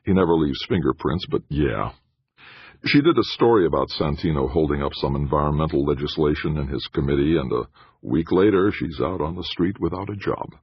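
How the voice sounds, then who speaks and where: A man's voice: extremely low pitch, a little fast, husky, dry recording, muffled recording, heavily acted. A man voicing a slick, breezy male PR director who talks in a glib, joking way.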